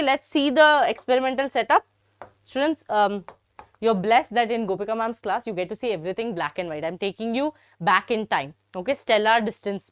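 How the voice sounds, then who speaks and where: A young woman with an Indian English accent teaching a live biology class, chatty and teasing, often turning to her students. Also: a little high. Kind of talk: live online biology lesson.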